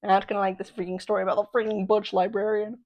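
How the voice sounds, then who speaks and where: Casting: woman, 20, podcast host, excitable and self-mocking, casual storytelling. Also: medium pitch, fast talker, rough recording.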